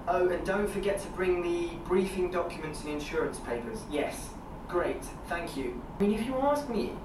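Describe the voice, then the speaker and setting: A man's voice: high-pitched, pitched above the performer's own voice. A man doing a pompous upper-class gent. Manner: haughty, formal. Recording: video played on room speakers, echoey and distant with noise.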